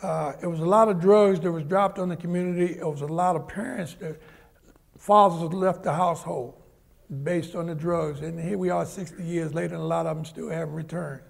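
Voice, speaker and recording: An older man tells stories as a guest on an auditorium stage and gives the people in his stories their own voices. His voice sits high and carries a gravelly edge. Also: steady tone, brisk. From Harlem, New York. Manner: vivid anecdotal storyteller, acts out the people in his stories. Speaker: guest, former Olympic sprinter. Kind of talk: storytelling on stage. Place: large auditorium, live event.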